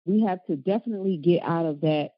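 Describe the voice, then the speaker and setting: A woman's voice: on the low side, fast, dry recording, lo-fi sound. A woman co-hosting a casual podcast chat, speaking emphatically and often affirming her partner. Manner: emphatic, preachy, frequent affirmations. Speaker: podcast co-host.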